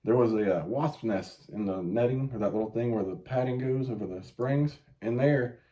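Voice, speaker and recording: With a medium-pitched voice and moderate pace, this podcast host, a man in his late thirties, tells stories in a casual chat. He swears heavily and yelps out quotes with animated flair.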